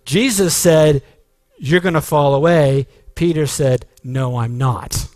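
A man's voice: on the high side, slow, darkish tone, dry recording. A man preaching a sermon as pastor, earnest and emphatic, with frequent restarts.

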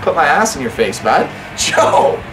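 A man's voice: a little high, big pitch swings, unhurried, reverberant, over music. A young man hosting a gaming channel, giving sarcastic let's-play commentary and talking back to an in-game coach.

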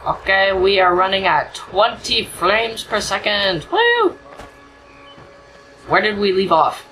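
Goofy let's-play commentator, bright voice. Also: medium pitch, measured pace, faint music behind, poor audio. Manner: goofy, sings nonsense and jokes at the game. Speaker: gameplay commentator.

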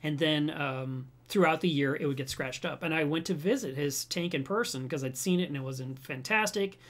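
A man hosting a home livestream about reef aquariums, chatting casually to his webcam and telling stories in an animated way. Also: fairly high pitch, brisk. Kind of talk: casual livestream chat, reading viewer comments.

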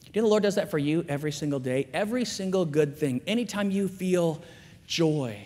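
A man in his forties giving an animated chapel sermon to students, swinging between loud emphatic lines and hushed asides. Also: a little high, a little fast. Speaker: guest chapel speaker. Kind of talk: energetic chapel sermon with storytelling. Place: school chapel, large room. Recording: long hall reverb.

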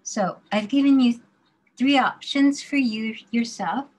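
Her voice a little high and a little mellow, a woman demonstrates drawing for her design class, talking in a slow, measured way as she goes. Now and then she murmurs to herself while sketching, heard through a rough recording.

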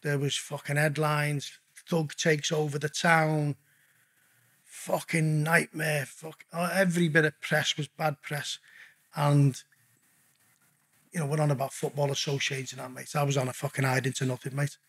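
A middle-aged man with a husky, fairly high voice tells stories as a podcast guest. He is blunt and casual, swears in nearly every sentence, and keeps calling the host "mate.". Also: level tone, normal speed, a bit bright. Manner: blunt, swears constantly, calls the listener mate. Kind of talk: casual storytelling interview.

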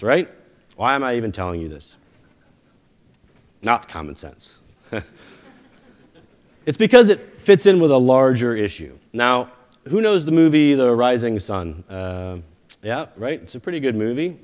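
A man giving a conference keynote, telling stories in a conversational way with self-deprecating jokes. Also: fairly low pitch. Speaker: company founder giving a keynote. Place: conference stage before a live audience.

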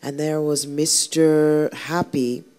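A woman's voice: deep voice, steady tone, slow, a little mellow. A woman singer, a guest on an interview show, talking casually and telling a rambling story with many restarts. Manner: chatty, rambling storyteller who restarts often.

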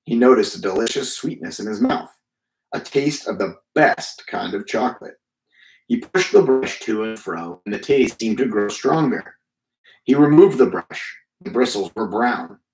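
A man reading a children's book aloud in a calm, measured way. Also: medium pitch, roomy sound, poor audio. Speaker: reader.

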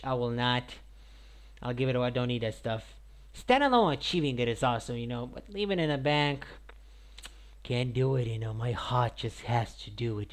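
Rambling excitable man commenting on gameplay. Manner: rambling and excitable, with sudden loud high shouts; says "like", "mate" and "I guess" often. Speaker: gaming YouTuber.

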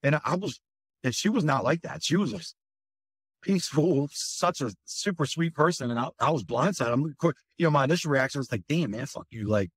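A firefighter, telling a candid, rambling personal story in an interview, full of fillers and swearing. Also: male voice, fairly high pitch, brisk, a bit bright, husky, no echo.

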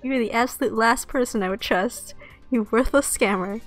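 A woman voicing a stubborn, precise teenage schoolgirl who scolds and yells indignantly, with a put-on hoarseness. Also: fairly high pitch, normal speed, soft background music, natural voice. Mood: scolding. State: putting on a hoarse voice for a sick character.

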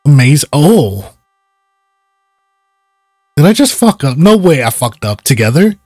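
A man's voice: a little high, big pitch swings, unhurried, darkish tone, slightly rough, no room sound, clean studio sound. A man giving casual let's-play commentary, swearing and laughing while he reads game dialogue aloud. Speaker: gaming channel host.

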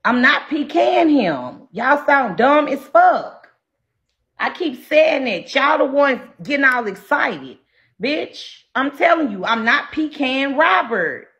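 A combative woman livestreamer tears into her chat in a loud, profane rant. Her voice sits high and sounds bright and sharp. Her pitch swoops all over the place as she talks. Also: big pitch swings, slow. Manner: brash and profane. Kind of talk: ranting to live chat.

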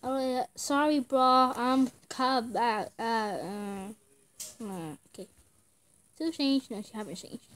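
A woman's voice: fairly high pitch, takes it slowly, a bit bright. A young woman giving casual gameplay commentary in short outbursts, often screaming and laughing. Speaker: gamer.

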